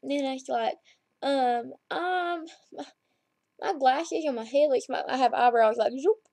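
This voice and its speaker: A young woman in her twenties tells a long story in a loose, rambling way to her laptop camera while lying down at home. Her voice sits a bit high for a woman. The sound is close and dry, with no room echo. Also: a little slow, darkish tone. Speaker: vlogger. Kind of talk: casual chat to camera. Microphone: laptop webcam.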